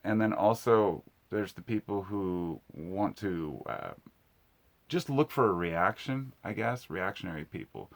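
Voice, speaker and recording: A man with a somewhat low voice talks straight to camera in a loose, unscripted vlog. He rambles and reflects as he goes, leaving in plenty of fillers and restarts. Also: big pitch swings, unhurried, creaky. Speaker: vlogger. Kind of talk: casual vlog monologue.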